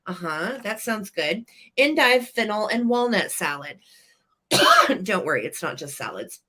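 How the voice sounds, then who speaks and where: Bright-voiced woman hosting a live sale. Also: sing-song, unhurried. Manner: chatty, enthusiastic product pitching. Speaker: live vintage sale host. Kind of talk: live-stream sales chat.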